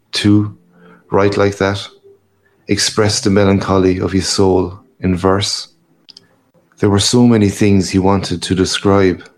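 A man reading a literary story aloud in a measured, grave manner. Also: low-pitched. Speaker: narrator. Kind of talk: audiobook reading.

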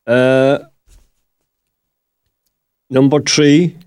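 A man's voice: medium pitch, fairly even intonation, drawn-out words, a little mellow, clear, resonant tone, no room sound. A man in a radio studio, calling out draw winners in brief, matter-of-fact answers. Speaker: studio guest drawing prizes.

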